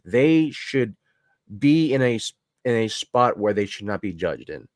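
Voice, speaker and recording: A man's voice: lowish voice, very animated, unhurried, no room sound, studio quality. A man co-hosting a podcast, ranting heatedly and profanely in casual chat. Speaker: podcast co-host.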